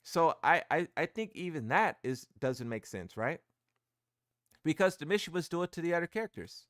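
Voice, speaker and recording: A man's voice: on the high side, very animated, normal speed, a bit bright, dry recording, studio quality. Rambling, slangy male gaming streamer. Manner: rambling, repeats himself, slangy. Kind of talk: casual live-stream reaction.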